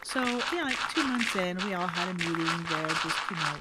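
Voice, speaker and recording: A woman's voice: animated, normal speed, very noisy. A middle-aged woman from the United States, chatting casually as a livestream co-host and acting out what people said to her. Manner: chatty storytelling, acts out quoted people with big pitch jumps. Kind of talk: casual chat.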